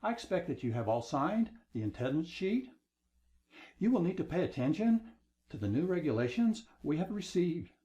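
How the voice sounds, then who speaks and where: A man imitating a female team leader who ends every sentence on a rising, sing-song pitch. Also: mellow, lo-fi sound.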